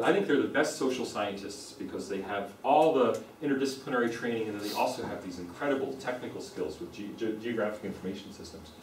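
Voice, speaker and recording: A man's voice: medium pitch, a little mellow. A man with a standard American accent delivers a lecture and often circles back to drive a point home. He stands some distance from the microphone. His voice carries through a reverberant room with faint background noise. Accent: General American. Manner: explanatory, repeats points for emphasis. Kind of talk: university lecture. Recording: roomy echo, speaker away from the mic.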